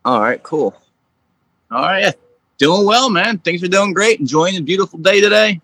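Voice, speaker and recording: A man with a somewhat high voice that moves a lot talks as a guest on a live stream. He sounds relaxed and easygoing. His sound is dry. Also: moderate pace, no room sound. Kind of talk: casual chat.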